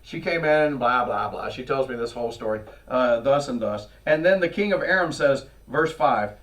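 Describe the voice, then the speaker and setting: Preacher, far from the mic. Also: male voice, a little high, brisk, few pauses. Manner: lively storytelling, acts out scripture characters. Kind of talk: sermon. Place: church.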